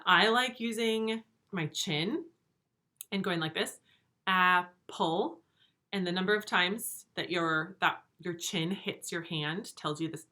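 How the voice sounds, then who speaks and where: A woman teacher giving a remote reading lesson to young pupils, slow and clear, encouraging. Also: mid-range voice, pushed and bright. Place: home room with a whiteboard.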